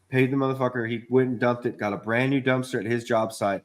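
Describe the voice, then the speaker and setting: A man's voice: mid-range voice, little pitch movement, fast talker. A man in casual podcast chat, telling a long job-site story in a rambling way, swearing often and acting out what people said. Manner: rambling storytelling, swears a lot, acts out quotes. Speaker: podcast co-host, contractor.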